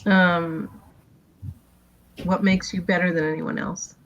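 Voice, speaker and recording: A woman's voice: lowish voice, level tone, slow. A woman in a group discussion, offering phrases as short questions. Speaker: workshop participant. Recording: dull lo-fi sound.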